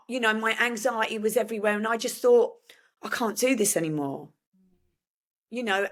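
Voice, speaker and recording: An older woman, a podcast guest, telling her story haltingly with many restarts and fillers. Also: mid-range voice. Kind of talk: emotional personal conversation.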